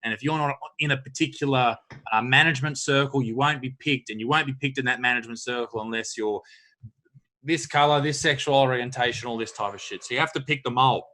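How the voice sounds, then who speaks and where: Australian host, young adult, bright forceful tone, blunt and sweary. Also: male voice, medium pitch, fast talker. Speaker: podcast host, comedian. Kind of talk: casual chat.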